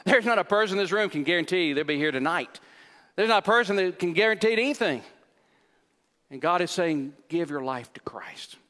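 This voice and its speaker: A male pastor delivering an earnest, urgent sermon and then leading a hushed closing prayer. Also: high-pitched, lively intonation, brisk, long reverb tail. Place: church sanctuary.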